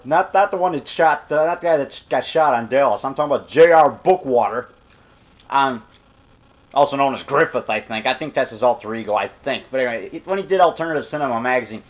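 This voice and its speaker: A man's voice: mid-range voice, animated, a little fast. A middle-aged man rambling through a casual vlog monologue, often repeating himself and boasting about himself. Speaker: vlogger.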